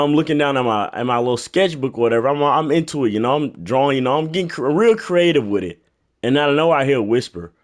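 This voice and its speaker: A young man telling a comedic rant story, profane and exasperated, sometimes bursting into yelling. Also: mid-range voice.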